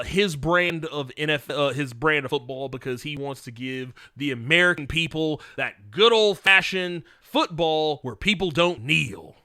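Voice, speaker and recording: Man, livestream host, casual frank chat, very bright voice, dry close sound. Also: fairly high pitch, clean tone, no room sound. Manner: frank and excitable, laughs often, swears. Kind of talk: casual chat answering viewer questions.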